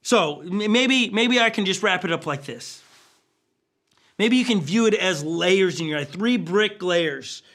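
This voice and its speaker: Lively, bright-voiced preaching man. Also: high-pitched, a little slow. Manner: lively, jokey, often acting out quoted voices. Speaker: pastor. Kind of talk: sermon. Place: church stage.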